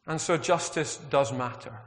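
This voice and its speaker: A man's voice: a little high, unhurried. A man preaching a sermon, earnest and reflective, asking the congregation questions. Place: church. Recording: long hall reverb.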